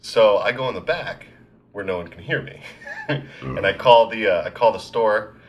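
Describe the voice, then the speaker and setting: A man's voice: on the low side, normal speed. A young man co-hosting a podcast, telling a story in casual chat with lots of swearing and acted-out voices. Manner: animated, swears a lot, acts out voices in anecdotes. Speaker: podcast co-host.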